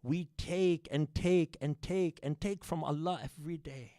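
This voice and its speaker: A man giving a sermon, telling a story to the congregation with lively shifts in loudness and addressing them as brothers and sisters. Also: fairly high pitch, a little slow, no room sound, clean studio sound. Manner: animated, shifts loudness widely, addresses the audience directly. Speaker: speaker at a religious program. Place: mosque or community hall.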